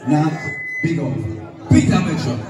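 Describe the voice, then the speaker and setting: A man's voice: fairly high pitch, measured pace, over music. A man hosting a clash, announcing the results to the crowd. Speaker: clash host. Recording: reverberant hall, far off.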